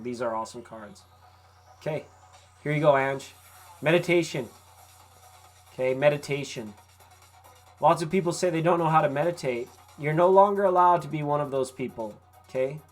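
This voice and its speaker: A tarot reader hosting a live stream, talking casually and encouragingly to viewers, with relaxed, folksy phrasing and the odd swear word. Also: medium pitch. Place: vacation rental.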